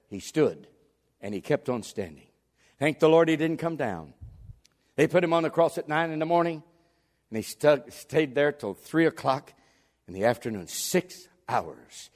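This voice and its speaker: A man preaching a fervent sermon as pastor, swinging from near-shouts down to low, quiet lines. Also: sing-song, moderate pace, pauses often. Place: church sanctuary. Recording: long hall reverb.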